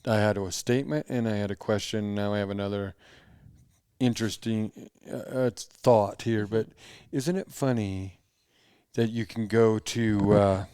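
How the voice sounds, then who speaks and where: A man co-hosting a podcast in casual chat, halting with many false starts. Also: on the low side, steady tone, warm tone, clear, resonant tone, no room sound, clean studio sound. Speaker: podcast co-host.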